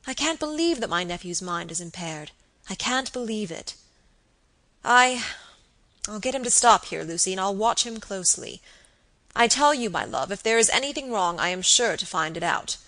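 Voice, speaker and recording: A woman's voice: mid-range voice, expressive, normal speed, bright, forceful tone. A woman reading the part of a fond, anxious elderly baronet, with earnest, affectionate pleading. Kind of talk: audiobook character reading.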